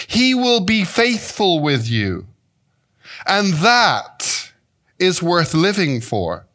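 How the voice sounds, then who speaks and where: English man in his fifties, guest preacher, animated and playful, voice on the high side. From England. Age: 50s. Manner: animated, playful, with shifting pitch and pace. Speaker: guest speaker and Bible teacher. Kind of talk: sermon.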